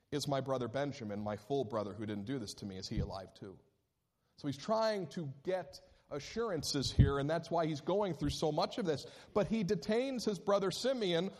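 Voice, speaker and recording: A man preaching a sermon as pastor, telling a scripture story with animated delivery and acted-out moments. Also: on the high side. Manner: animated storytelling, acting out scenes.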